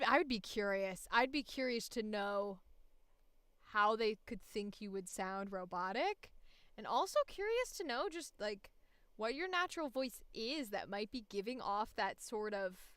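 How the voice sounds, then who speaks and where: A woman's voice: fairly high pitch, lively intonation, a little slow, a bit bright, smooth, no echo. A woman voice actor chatting casually on a livestream, laughing often and swearing freely. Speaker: voice actor streamer.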